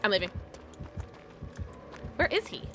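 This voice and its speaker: A young woman live-streaming a game, giggly and excitable, chatting with her viewers and squealing at the game. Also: measured pace, faint music behind.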